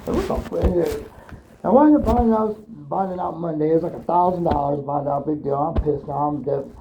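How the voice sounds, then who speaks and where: A man telling a rambling personal story, swearing often and stopping to restart his sentences. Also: a little high. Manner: profane, halting, full of fillers and restarts. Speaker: storyteller recounting his own ordeal. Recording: dull lo-fi recording with faint hiss.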